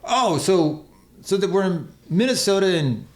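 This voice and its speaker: A man's voice: sits high, expressive, a little slow. A man who is a podcast guest and former motocross racer, telling a long, rambling, profane story in casual chat and acting out the quotes.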